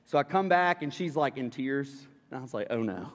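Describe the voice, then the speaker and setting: Young preacher telling a story in a church hall. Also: male voice, mid-range voice, expressive, fairly quick. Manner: casual, humorous storytelling to a congregation. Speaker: pastor. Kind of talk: sermon with personal story. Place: church sanctuary. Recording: long reverb of a church hall.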